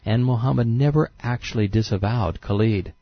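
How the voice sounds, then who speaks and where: A man's voice: medium pitch, normal speed, no room sound. A man giving scornful, sarcastic scripted narration as a documentary narrator, in a dull, dry recording.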